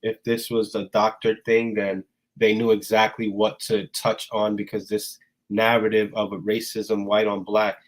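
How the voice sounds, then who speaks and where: A man's voice: on the low side, level tone, a little slow. A man hosting a casual livestream talk, rambling loosely and laughing often, with a cold that keeps him sneezing. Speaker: host.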